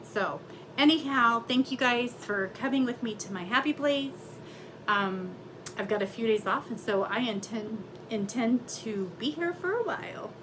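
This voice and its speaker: Amid background noise, a middle-aged woman with a voice on the high side speaks at a measured pace. A cross-stitch vlogger, she chats and rambles with lots of fillers while showing stitching projects from her craft room at home.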